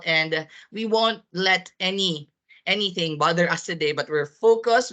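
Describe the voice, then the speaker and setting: A woman running a live online staff training over a video call, upbeat and rising high when she questions her audience. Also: a bit bright. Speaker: corporate trainer.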